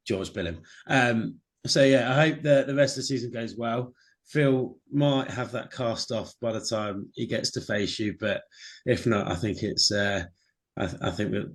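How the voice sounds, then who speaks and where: A man, co-hosting a podcast with jokey, banterish chat and casual swearing. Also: lowish voice. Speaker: podcast co-host.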